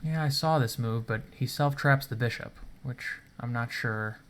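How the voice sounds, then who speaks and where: A man's voice: mid-range voice, a little slow, fairly bright tone. Man thinking aloud over a chess game. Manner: thinks aloud, chuckles, self-mocking. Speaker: chess player commenting his own game. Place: home apartment. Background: faint rain noise.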